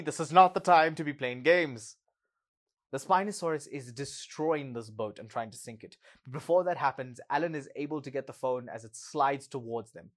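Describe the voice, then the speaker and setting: A man hosting a podcast, recapping a movie in a casual, sarcastic way with exasperated asides. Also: mid-range voice.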